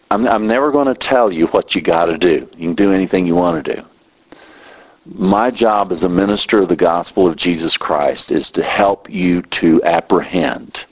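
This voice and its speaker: Low voiced preacher guy, middle aged, gets fired up mid sermon. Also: breathy edge, low-quality recording. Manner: impassioned, rising in pitch when emotional. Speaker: minister.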